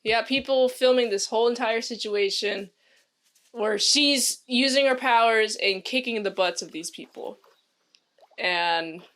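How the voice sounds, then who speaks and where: A woman's voice: fairly high pitch, a bit bright. A young woman giving a casual, enthusiastic spoken review of a TV episode, rambling with lots of fillers and restarts. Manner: rambling, filler-heavy recap with frequent restarts; enthusiastic, talks back to the characters. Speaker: series reviewer.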